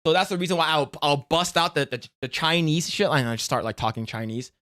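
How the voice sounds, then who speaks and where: A man's voice: fairly high pitch, brisk, a bit bright. A man hosting a stream, reacting and telling stories in casual, rambling, profane chat full of fillers. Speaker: streamer host.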